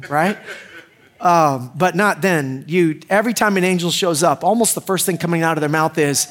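A man's voice: high voice, expressive, fairly quick. A middle-aged man preaching a sermon as pastor, joking and talking straight to the crowd with questions.

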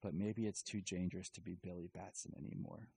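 Brief: troubled young boy hero, read plainly by a man, deep, dark tone. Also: fairly even intonation, fairly quick, gravelly, slightly rough, exaggerated voice. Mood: upset. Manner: casual paraphrased retelling.

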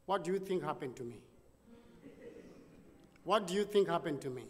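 A man's voice: fairly high pitch, animated, normal speed, pauses often, a little mellow. A man from the United States with a Texan accent, preaching and telling a story while acting out both sides of the conversation. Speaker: pastor. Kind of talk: sermon storytelling. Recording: long reverb of a large hall.

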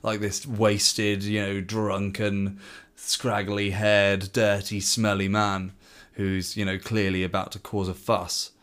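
A young man telling a story in casual chat, animated and playful, slipping into voices for the characters. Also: lowish voice, slow. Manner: animated, acts out characters in silly voices, laughs.

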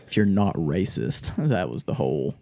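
A man's voice: sits low, big pitch swings, normal speed, creaky, noisy background. A man co-hosting a casual podcast, rambling and restarting his sentences and swearing freely. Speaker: podcast co-host. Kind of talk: casual chat.

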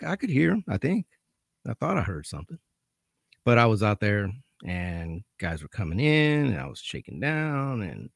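A man's voice: lowish voice, vocal fry, no room sound, studio quality. A man telling a story about his work as a corrections officer in a casual, profane, dryly amused way.

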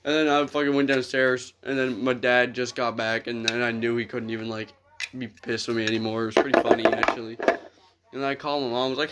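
A man's voice: mid-range voice, level tone, fast talker, heavy background noise. A young man in his late teens chatting casually with friends during a game, rambling with lots of fillers and swearing. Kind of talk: casual voice chat while gaming.

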